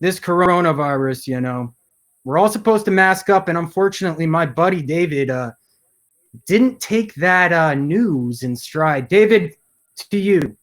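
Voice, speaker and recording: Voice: medium pitch, animated, a little slow. An improv performer playing a news anchor, talking in exaggerated, scolding anchor patter. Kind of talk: improv comedy.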